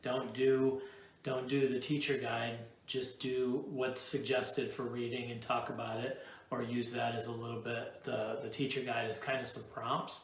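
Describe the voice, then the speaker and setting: A man's voice: mid-range voice, level tone, measured pace. A middle-aged man from upstate New York hosting a live question-and-answer session, rambling and playful as he explains things at length. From Buffalo, New York. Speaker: host answering curriculum questions. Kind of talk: casual live Q&A. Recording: echoey room.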